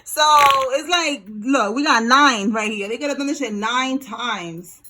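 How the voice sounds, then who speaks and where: A woman with a slightly high voice leads a casual tarot reading and talks straight to her viewers. Her tone is blunt and slangy, and she swears freely. She keeps it loose and chatty throughout. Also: a little slow, sharp tone. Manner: talks to viewers directly while pulling cards. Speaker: tarot reader.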